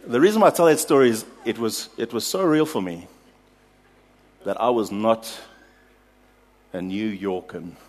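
A South African man preaching a sermon, telling a lively personal story and laughing at his own anecdotes before drawing a lesson. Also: lowish voice, normal speed, long pauses. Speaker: pastor.

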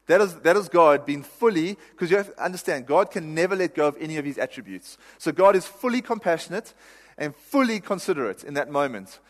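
A man's voice: on the high side, expressive, fast talker. A male pastor giving a sermon in a conversational, self-deprecating way, laughing at himself now and then. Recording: reverberant hall.

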